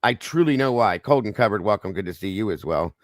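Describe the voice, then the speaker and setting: Male true-crime streamer, low and hoarse, fired up and cursing, close dry sound. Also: lively intonation, quick pace, dry recording. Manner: angry, ranting, swears freely; greets viewers by name between rants. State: hoarse, losing his voice. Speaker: livestream host. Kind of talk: true-crime livestream chat.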